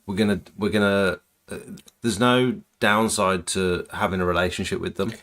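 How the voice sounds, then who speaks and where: A man's voice: deep voice, fairly even intonation, normal speed, a bit bright. A man hosting a livestream, chatting casually about his pressure washing business in a laid-back, plain-spoken way. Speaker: pressure washing business owner and stream host.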